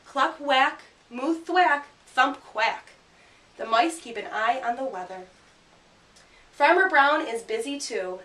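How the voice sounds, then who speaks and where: A woman teacher giving a grammar lesson and reading a picture book aloud, speaking clearly and punching out the sound words. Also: high-pitched, a bit bright. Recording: roomy sound from a distant mic.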